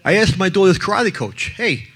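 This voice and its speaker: A man's voice: medium pitch, animated, normal speed, a bit bright. A man speaking to an audience as a child abuse prevention advocate, telling blunt stories with jokes and acting out the people in them. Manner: blunt and brash, acts out other people in his stories. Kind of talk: blunt talk with joking stories.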